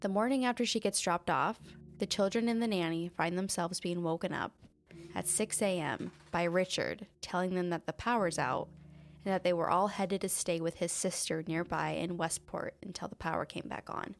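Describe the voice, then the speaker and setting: A woman's voice: on the low side, normal speed, vocal fry. A woman co-hosting a casual podcast, chatting and reading out case notes in a laid-back, jokey way. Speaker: podcast co-host. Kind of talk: casual chat and true-crime narration.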